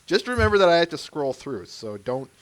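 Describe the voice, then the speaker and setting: A man's voice: a little high, big pitch swings, brisk, background noise. A man hosting a casual podcast, recapping things in a rambling way with many restarts. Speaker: podcast host.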